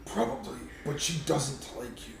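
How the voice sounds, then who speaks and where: Gravelly curt player. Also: medium pitch, moderate pace, slight background noise. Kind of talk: in-character tabletop play. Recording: echoey, distant mic, music behind.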